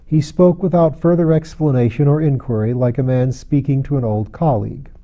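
A man reading a classic novel aloud in a measured, even audiobook narration. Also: medium pitch, phone-quality sound. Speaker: audiobook reader.

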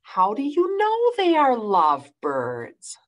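A jittery male elephant from a children's storybook, voiced by a woman reading aloud, full of anxious questions and sudden loud cries. His pitch leaps widely, and he speaks at an unhurried pace. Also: wildly swooping pitch, heavily acted. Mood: worried. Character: worried, cautious male elephant.

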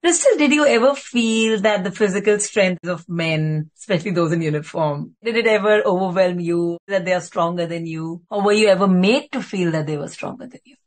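A woman's voice: fairly low pitch, a little fast, few pauses. A woman hosting a podcast, asking a guest encouraging interview questions.

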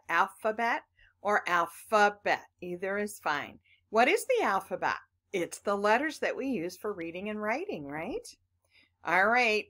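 Patient woman phonics teacher, bright and slow, coaxing children through each sound. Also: mid-range voice.

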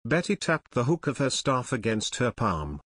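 A man voicing a bossy, shrewd young shepherd girl in an audiobook, talking briskly and decisively. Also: mid-range voice, sing-song, fairly bright tone, breathy edge, no echo, studio quality. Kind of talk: audiobook character reading.

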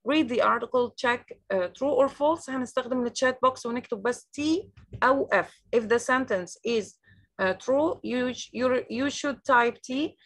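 A woman's voice: fairly high pitch, brisk. A woman with an Egyptian accent teaching an online English lesson over a video call. She repeats each new word several times and explains it in Arabic.

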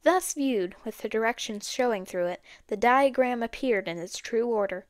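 A woman reading a storybook chapter aloud in a steady, even way. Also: medium pitch, moderate pace, few pauses, no room sound, clean studio sound. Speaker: audiobook narrator. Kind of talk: storybook narration.

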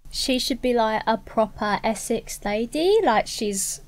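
A woman giving sarcastic, swear-filled commentary while playing a video game. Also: fairly high pitch. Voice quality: sarcastic, swears, quick to laugh. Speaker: let's play commentator. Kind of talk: gameplay commentary.

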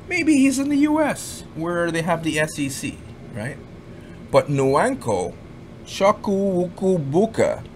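A man talking casually as an online reviewer, rambling and slangy in animated commentary. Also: lowish voice, a little hiss or hum. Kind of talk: casual commentary over a screen.

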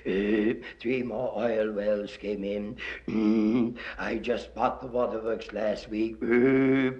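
Man putting on a pompous rich governor, slow, halting, low voice, dull old recording. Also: fairly even intonation. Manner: slow, hesitant, full of ums and ahs. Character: smug rich male politician, pompous and halting.

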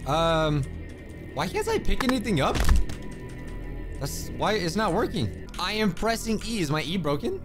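A high-pitched man voicing his let's play commentary in a lively, swooping voice. He is excitable and jokey, throwing in exclamations as he plays. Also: a little slow, pauses often, music in the background. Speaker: gaming video creator.

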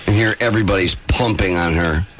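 An American man co-hosting morning radio, reacting with slow wisecracks, taped off the air. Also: low voice. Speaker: radio morning show co-host. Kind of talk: casual banter on morning radio. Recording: cassette recording of a radio broadcast, loud hiss.

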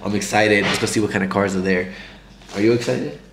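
Hoarse man vlogging casually. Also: fairly low pitch, steady tone, brisk, echoey room, noisy background. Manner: laid-back, slangy, keeps saying bro and guys. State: hoarse, losing his voice. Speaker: car vlogger. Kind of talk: casual vlog chat.

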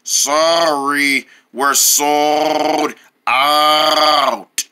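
A performer voicing a male store clerk who speaks in a low, very slow, drawn-out way in a homemade comedy skit. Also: fairly even intonation, pushed and bright, clean tone. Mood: drawling.

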